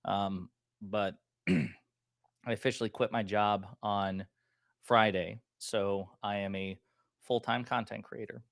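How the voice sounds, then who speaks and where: A man hosting a political commentary livestream, chatting casually and reading viewer comments, with a lingering cough that makes him clear his throat. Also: on the low side, steady tone, takes it slowly, dry recording, studio quality. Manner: loose, chatty and joking.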